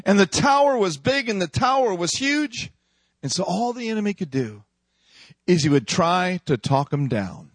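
A man's voice: high voice, big pitch swings, normal speed, no echo, clean studio sound. A male preacher delivering an emphatic sermon with call-and-response lines.

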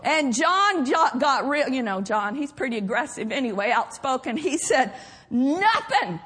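High-voiced older woman preaching. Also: animated, moderate pace, a bit bright, husky. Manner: storytelling, laughing, earnest. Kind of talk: sermon with personal anecdotes.

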